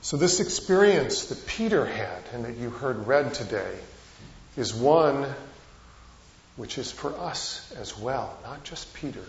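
A man's voice: mid-range voice, animated, slow pace, a little hiss or hum. A male pastor preaching a sermon, telling stories with rising and falling emphasis. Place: church sanctuary. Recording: echoey church, dull lo-fi sound.

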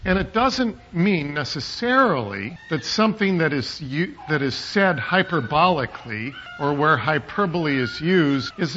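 A man's voice: on the high side, sharp tone, lo-fi sound, slight background noise. A man preaching a sermon in a church, conversational and digressive, with humorous asides. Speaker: pastor. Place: church sanctuary.

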